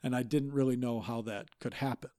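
A man improvising as a made-up expert, halting and deadpan, with many restarts. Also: medium pitch. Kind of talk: improv comedy podcast.

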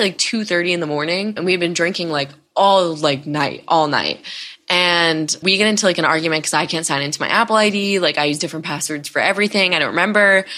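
A young woman hosts her own podcast and tells a long personal story in a loose, candid way, full of "like" and "you know". Her voice sits low for a woman, yet it comes across bright and forceful. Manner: candid, rambling, heavy use of "like". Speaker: podcast host. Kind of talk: casual storytime monologue.

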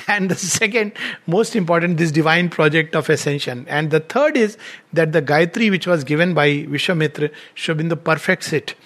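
A man's voice: fairly high pitch, moderate pace, a bit bright. A man giving a storytelling lecture on scripture, retelling a myth and acting out the quoted lines with animation. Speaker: spiritual lecturer.

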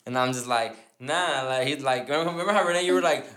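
Fast-talking man telling a rambling story. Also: mid-range voice, fairly bright tone, roomy sound. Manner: rambling storyteller, many restarts and laughs. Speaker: podcast host. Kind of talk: casual podcast chat.

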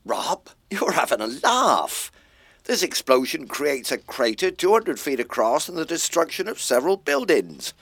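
A blunt, matter-of-fact amateur playwright in a radio comedy. His pitch moves about freely, and the sound is close and dry. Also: big pitch swings, a little slow, a bit bright, breathy edge, no echo, exaggerated voice. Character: blunt, eager male writer, adult. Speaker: playwright in an amateur drama group.

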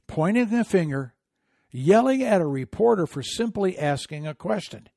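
A middle-aged man giving opinionated political commentary, sarcastic and indignant, often rising into loud outrage. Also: high-pitched, animated, normal speed, vocal fry, dry recording, clean studio sound. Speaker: commentary host.

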